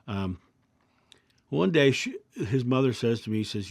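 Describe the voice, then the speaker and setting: A man hosting his own video channel, reflecting calmly through personal anecdotes and parables in a casual monologue. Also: medium pitch, a little slow, gravelly, no echo, clean studio sound. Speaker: video host.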